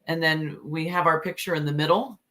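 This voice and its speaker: A woman's voice: deep voice, a little fast, sharp tone, slight background noise. A woman co-hosting a casual talk show, chatty and teasing, often restarting her sentences. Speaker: co-host. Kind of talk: casual chat.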